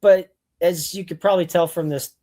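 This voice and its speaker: A man telling a story as a podcast guest, blunt and animated, acting out what people said. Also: high voice, fairly quick. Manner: blunt and animated, acts out quoted voices. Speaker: podcast guest, mink hunter. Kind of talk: casual storytelling.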